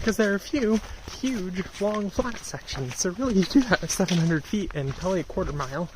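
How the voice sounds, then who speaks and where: A woman's voice: fairly low pitch, animated, fairly quick, hardly any pauses, background noise. A woman narrating a casual outdoor vlog in a chatty, upbeat, self-deprecating way, talking into a handheld camera. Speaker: solo sailor vlogger. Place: outdoors, on a sailboat and hiking trail.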